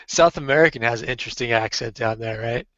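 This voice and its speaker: A man's voice: medium pitch, bright, forceful tone, no room sound, highs cut off. A man chatting casually in a group call, curious and asking questions. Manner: curious, asks questions, light laughs.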